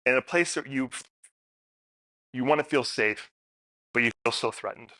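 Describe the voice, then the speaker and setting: A man's voice: medium pitch, normal speed, no room sound. A man giving a personal storytelling talk at a public forum, acting out the people in his stories. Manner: animated storyteller, acts out quotes.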